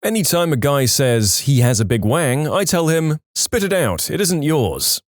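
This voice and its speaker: A man narrating reddit stories aloud in a lively, varied storytelling delivery. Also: on the high side, unhurried, no echo, clean studio sound.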